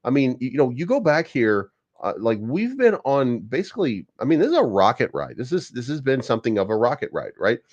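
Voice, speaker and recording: A man's voice: medium pitch, sing-song, brisk, a little mellow. A man hosting a crypto channel, giving rambling, profane market commentary with many restarts. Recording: dull lo-fi sound.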